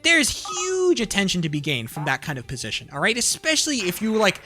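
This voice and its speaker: A streamer in a heated, profane live-stream rant, full of restarts and repeated words, at times rising to shouts. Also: medium pitch, huge pitch swings, fairly quick, faint music behind. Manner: rises to shouting when angry.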